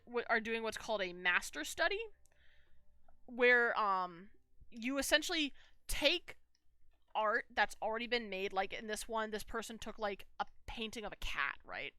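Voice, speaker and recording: A woman's voice: medium pitch, expressive, moderate pace, pushed and bright, clear, resonant tone, no echo. A young woman streaming while she draws, chatting casually and rambling with many fillers and restarts. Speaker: streamer and artist. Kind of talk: casual live-stream chat while drawing.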